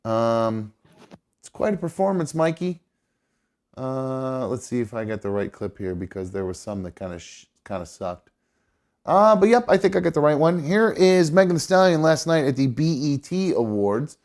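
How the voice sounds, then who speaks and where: A man of middle pitch hosts a live studio talk show. He rambles loosely from one story to the next and swears without a second thought. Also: very animated, moderate pace, darkish tone. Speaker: podcast host. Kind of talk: casual live show chat.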